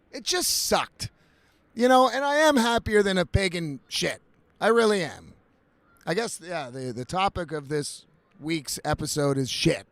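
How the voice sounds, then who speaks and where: A man's voice: high-pitched, a bit bright, no room sound. A man ranting profanely in a casual vlog, slightly intoxicated, breaking into laughs. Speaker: vlogger.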